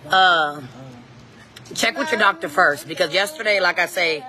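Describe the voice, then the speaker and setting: A woman's voice: on the low side, moderate pace, a crowd in the background. A middle-aged woman, chatting casually to live-stream viewers and her kids outdoors on a phone. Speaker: vlogger and mom. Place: outdoors at a scenic waterfall spot.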